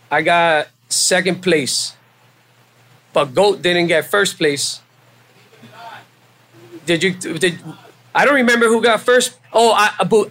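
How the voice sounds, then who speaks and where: A man, a podcast guest, telling a story in casual chat, animated and profane, acting out back-and-forth conversations. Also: high-pitched. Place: live show at a venue.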